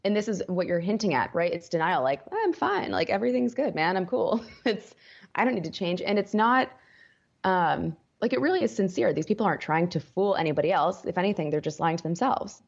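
A woman career coach who is a guest on a podcast, talking in an animated way, laughing often and acting out what people say. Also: lowish voice, fast, muffled recording. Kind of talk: casual podcast interview.

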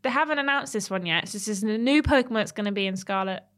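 A woman co-hosting a gaming podcast, joking in a playful, deadpan way. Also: medium pitch, fast. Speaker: podcast co-host. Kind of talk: casual chat.

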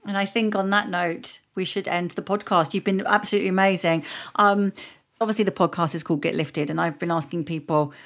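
A woman's voice: fairly low pitch, steady tone, brisk, a bit bright. A woman hosting a podcast, wrapping up with her closing question. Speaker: podcast host. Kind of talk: podcast interview.

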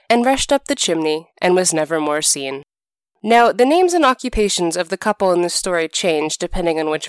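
A woman tells an old folk tale and then walks through the folklore behind it. Her voice is smooth and clear, recorded close and dry, and she lends the characters' lines lively, animated delivery. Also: fairly low pitch, no room sound. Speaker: narrator. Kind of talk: storytelling narration.

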